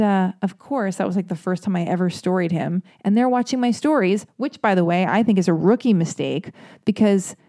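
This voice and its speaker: A woman's voice: on the high side, dark tone, no room sound, studio quality. A young woman in a confessional monologue, chatty and self-mocking, with lots of restarts and asides.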